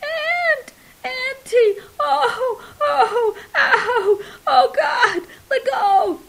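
A woman's voice: extremely high pitch, very slow, vocal fry, a bit bright, voice pushed up, heavily acted. A woman voicing a bullying tough-guy father. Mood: agonized sobbing. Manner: blustering and crude, later sobbing in pain. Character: tough, aggressive middle-aged man, the father.

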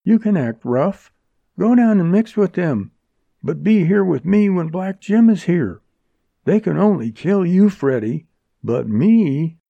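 A man's voice: sits high, expressive, a little slow, gravelly, no room sound, voice pushed up, heavily acted. A man reading an audiobook, voicing a fierce, commanding young woman held captive by outlaws. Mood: urgent. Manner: sharp, commanding, urgent. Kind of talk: audiobook character voice. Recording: dull lo-fi recording.

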